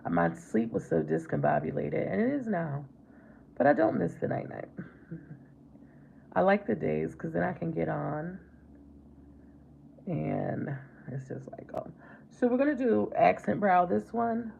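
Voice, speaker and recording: A middle-aged woman chatting casually with her viewers while doing her makeup, warm to them and calling them babe. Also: lowish voice, expressive, measured pace, gravelly, pauses often, muffled recording, a little hiss or hum. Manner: chatty, affectionate, calls viewers babe and baby. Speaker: livestream host. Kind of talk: casual makeup livestream chat.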